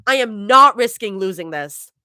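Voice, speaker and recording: A woman's voice: mid-range voice, animated, normal speed, pushed and bright, clear, resonant tone, no echo, clean studio sound, voice pushed up. A woman reading aloud, voicing a bubbly, teasing young woman with a raised, chirpy voice. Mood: excited.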